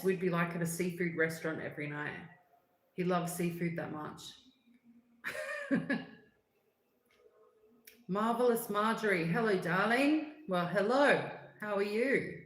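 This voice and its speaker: A woman's voice: medium pitch, fairly bright tone, roomy sound, poor audio. A woman hosting a livestream, chatting casually and reading out viewer comments in a rambling, filler-heavy way. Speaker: livestream host.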